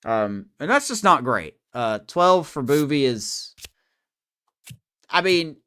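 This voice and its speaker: A man's voice: fairly high pitch, very animated, slow, pushed and bright, clear, resonant tone. A man casually commenting on his baseball video game, chatty and self-deprecating, reacting to each play. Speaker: gamer playing a baseball franchise mode.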